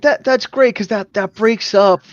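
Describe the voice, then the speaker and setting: A man's voice: sits high, measured pace, no echo, muffled recording. A man hosting a wrestling podcast in casual chat, rambling with lots of fillers. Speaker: podcast host.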